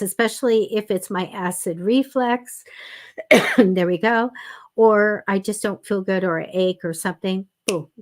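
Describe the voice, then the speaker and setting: A woman hosting a casual psychic reading stream, chatting her way through personal stories. She talks in a loose, rambling style full of ums and restarts. She mixes in direct, encouraging advice. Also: mid-range voice. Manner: chatty and anecdotal, with many fillers. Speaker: psychic reader and host. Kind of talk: casual livestream chat.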